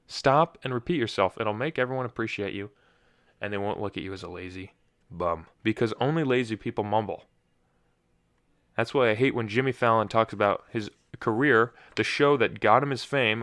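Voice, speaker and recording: A man's voice: fairly low pitch, a little fast, a bit bright, smooth, no echo, studio quality. A young man hosting his own podcast in casual solo chat, rambling and often restarting his sentences. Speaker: podcast host.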